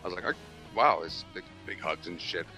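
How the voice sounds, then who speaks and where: Animated, foul-mouthed male storyteller. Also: deep voice, a little fast, soft background music. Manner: animated, swears constantly, acts out quoted voices. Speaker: co-host telling a story. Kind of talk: casual profane storytelling.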